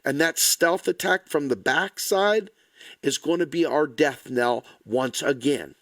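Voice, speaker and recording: A man's voice: fairly high pitch, measured pace, a bit bright, no room sound. A man delivering an impassioned, angry, blunt political rant to the camera, swearing freely. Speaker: political commentator.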